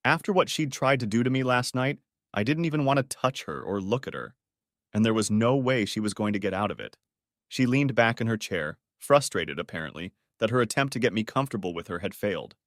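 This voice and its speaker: A man's voice: on the low side, lively intonation, a little fast, a bit bright, dry recording, clean studio sound. A man narrating a first-person audiobook story in a restrained, bitter tone.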